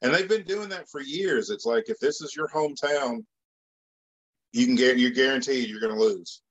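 A man's voice: medium pitch, moderate pace, lo-fi sound. A man co-hosting a casual podcast, making wry joking asides. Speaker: podcast co-host. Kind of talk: casual watch-along chat.

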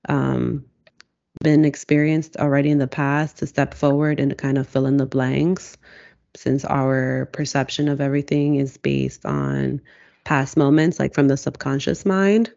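A person in a reflective casual conversation, speaking slowly and searchingly with many fillers. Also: medium pitch, vocal fry, darkish tone, dull audio.

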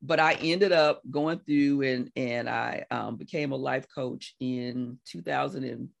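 Woman, 60s, life coach guest, chatty storyteller who bursts high when quoting. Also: measured pace, creaky. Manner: animated storyteller, acts out quotes with big laughing pitch jumps. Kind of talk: conversational interview.

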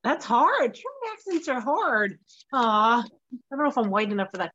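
A woman hosting a podcast in a loose, joking manner, quick to laugh and tease her guest. Her voice sits a little high for a woman, and she keeps the chat casual and playful throughout. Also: expressive, fairly bright tone, lo-fi sound. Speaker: podcast host.

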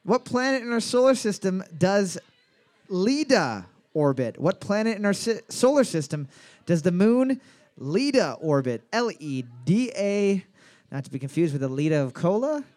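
A man's voice: sits high, sing-song, moderate pace, a little mellow. A man hosting a trivia night, reading each question twice and cracking teasing jokes. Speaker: trivia quiz host. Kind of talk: joking bar trivia hosting.

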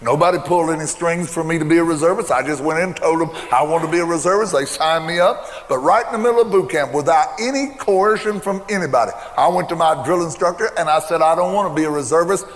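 A fast-talking older preacher barely pauses as he tells a folksy tale from his own life, driving home repeated refrains. His voice is a little high, and the church hall gives it a long reverb.

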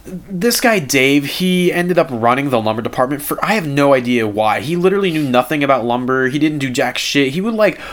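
A man's voice: mid-range voice, expressive, a little fast, a bit bright. A young man co-hosting a podcast, rambling through a work story in casual chat and swearing often. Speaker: podcast co-host.

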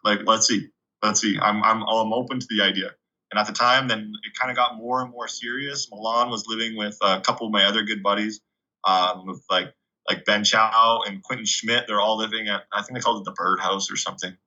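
A young man from Canada, a guest telling stories in a casual, chatty way, full of 'like' and animated retellings. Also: on the low side, a little fast. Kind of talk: casual storytelling. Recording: dull lo-fi recording.

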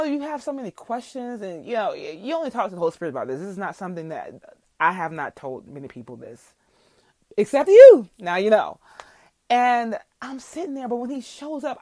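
A woman's voice: a little high, a little mellow, no room sound. A woman hosting a faith podcast, telling a heartfelt testimony and teaching scripture in a preacherly way. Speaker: podcast host.

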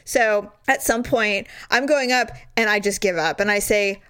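A woman in casual chat, telling an animated story, laughing and swearing freely. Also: mid-range voice, a little slow, clear, resonant tone.

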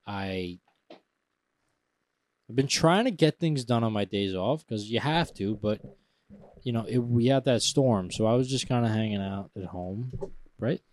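A man's voice: fairly low pitch, a little slow, long pauses, a little mellow. A man co-hosting a podcast in casual chat, rambling and often stopping mid-thought. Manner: loose, rambling and self-interrupting. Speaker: podcast co-host.

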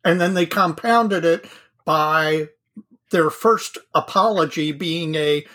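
A man's voice: fairly high pitch, slow pace, bright, forceful tone. A man co-hosting a hobby podcast, chatting in an easygoing, self-deprecating way. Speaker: podcast co-host. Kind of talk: casual podcast chat.

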